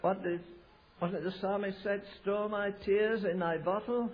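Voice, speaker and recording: A high-pitched man from America delivers a sermon, spinning anecdotes with emphatic, halting restarts. His voice comes through a thin, phone-like recording that strips away the lows and highs. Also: steady tone. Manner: storytelling, emphatic, with frequent restarts. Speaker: preacher. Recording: tinny, phone-like low-fidelity recording.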